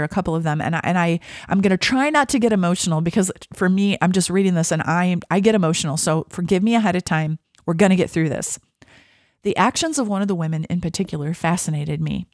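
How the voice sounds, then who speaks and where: An earnest, chatty woman with a lowish voice, talking about her faith in a personal way and reading passages aloud from a book. She sounds close and dry, with no room echo around her. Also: darkish tone. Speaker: Christian vlogger.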